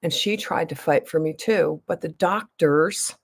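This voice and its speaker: Woman with a gravelly, creaky voice. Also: sits low, unhurried. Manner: rambling, emphatic, many restarts and asides. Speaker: beauty vlogger. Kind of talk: casual storytelling to viewers.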